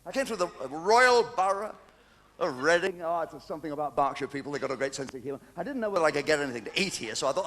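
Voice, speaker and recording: A man's voice: on the high side, expressive, fast, fairly bright tone, in a large hall. An older English man doing a stand-up comedy routine, chatty and cheeky, chuckling between jokes. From England. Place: theatre stage with a live audience. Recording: noisy 1990s VHS stage recording.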